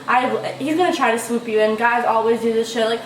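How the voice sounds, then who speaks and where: Fast-rambling young woman vlogger. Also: fairly high pitch, distant mic, slight background noise. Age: young adult. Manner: rambling, full of "like", swears freely. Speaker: vlogger giving relationship advice. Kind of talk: casual advice vlog. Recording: echoey room, away from the mic, faint ambience.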